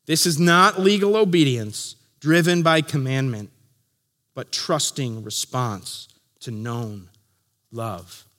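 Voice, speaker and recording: A man preaching a sermon as pastor, slow and earnest, letting his voice drop soft at the ends of phrases. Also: medium pitch, big-room sound. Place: church chapel.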